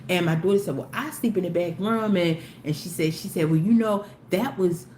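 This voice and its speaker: A woman's voice: fairly low pitch, brisk, darkish tone. Chatty woman telling a story. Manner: chatty, rambling, with many restarts. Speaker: YouTube live host. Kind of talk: casual storytelling to viewers. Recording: roomy with faint background noise.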